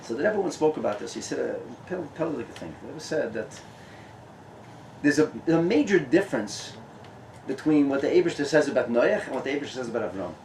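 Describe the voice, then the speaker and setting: A man, a rabbi, giving a lively Torah talk at a gathering, mixing in Hebrew and Yiddish terms and laughing often. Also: medium pitch, brisk, slight background noise. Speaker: rabbi, guest speaker. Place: tent. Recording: echoey and distant room sound.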